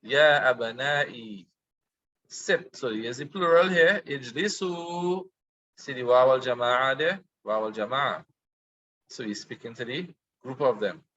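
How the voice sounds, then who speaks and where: Slow, bright-voiced man teaching. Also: medium pitch, lo-fi sound. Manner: slow and patient, translating each word. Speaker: Arabic teacher. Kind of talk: explaining a dialogue phrase by phrase.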